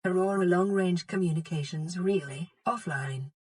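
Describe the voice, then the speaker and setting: A woman voicing a calm ship computer AI. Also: on the low side, normal speed, lightly acted. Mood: matter-of-fact. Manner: flat, announcing status readouts. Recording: game music underneath.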